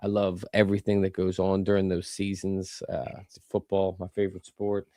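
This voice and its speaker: A man's voice: sits low, completely flat delivery, moderate pace, dark tone, dry recording, studio quality. A man with a Philadelphia accent, co-hosting a sports podcast in easygoing casual chat, often repeating words. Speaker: podcast co-host.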